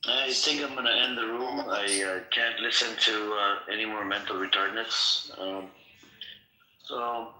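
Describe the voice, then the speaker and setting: A man's voice: on the low side, fairly even intonation, measured pace, bright, forceful tone, recorded from a distance. A man hosting an audio chat room, blunt and dismissive in a casual, heated talk. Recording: roomy echo.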